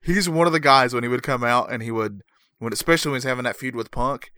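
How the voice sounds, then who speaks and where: A man co-hosting a podcast, telling stories in an animated, casual way. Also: mid-range voice, fast talker, no echo, clean studio sound. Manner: animated storyteller with laughs and restarts. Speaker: podcast co-host. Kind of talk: casual chat.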